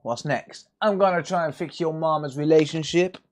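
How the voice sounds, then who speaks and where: A man's voice: fairly high pitch, moderate pace. A man, chatting casually and joking crudely with viewers while doing electronics repair work. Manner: joking, crude banter with chat. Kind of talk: casual live-stream chat while working.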